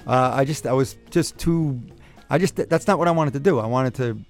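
A man's voice: mid-range voice, normal speed. A man hosts a call-in radio advice show in an ordinary mid-range voice. He rambles, restarts his sentences and corrects himself as he hands out friendly advice. Faint music plays behind him. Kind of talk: casual call-in chat.

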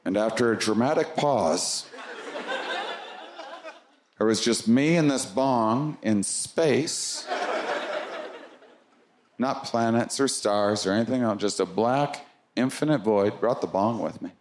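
A man doing stand-up, telling a story with lively swoops into squeaky sound effects. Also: takes it slowly, long pauses, echoey room, background noise. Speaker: stand-up comedian. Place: comedy club stage.

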